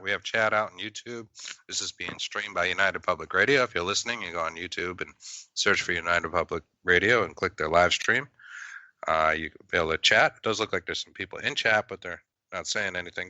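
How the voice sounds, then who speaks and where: A man's voice: low-pitched, a little fast, sharp tone, no room sound. A man from Massachusetts hosting a paranormal podcast in casual chat, rambling with lots of fillers. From Massachusetts, USA. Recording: dull, lo-fi, dry.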